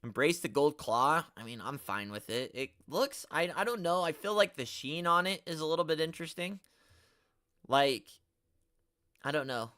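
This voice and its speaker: Young dude rambling on his live stream, kinda high bright voice, slangy, gets worked up. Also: expressive, normal speed, dry recording, clean studio sound. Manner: rambling, exasperated, slangy, reads chat aloud. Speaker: host of a toy collecting live stream. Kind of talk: casual live stream chat.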